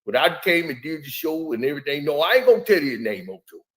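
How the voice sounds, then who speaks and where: A man's voice: on the high side, sing-song, quick pace, voice pushed down. A man doing an impression of a boastful older male sports pundit, mumbling as if he has marbles in his mouth and lecturing with folksy sayings. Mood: taunting.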